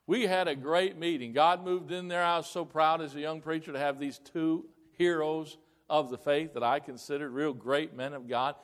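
A man who is a pastor, telling a story in a sermon in a folksy, animated way and acting out the dialogue, heard in a church. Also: a little high. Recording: echoey hall with long reverb.

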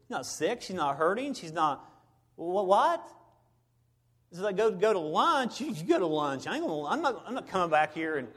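A middle-aged man, a preacher, telling a personal story in a sermon, swinging between loud bursts and hushed moments. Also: sits high, sing-song, moderate pace, husky.

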